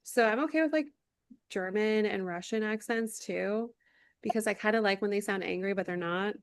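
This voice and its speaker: A woman co-hosting a podcast in casual chat, playful and quick to laugh. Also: mid-range voice, no room sound, clean studio sound. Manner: laughing, playful, slips into mock accents. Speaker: podcast co-host.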